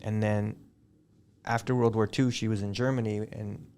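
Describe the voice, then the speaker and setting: A middle-aged man, a high school teacher, chatting as a guest on a school podcast and telling long, digressive stories. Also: little pitch movement, moderate pace, crowd noise. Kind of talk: casual interview chat.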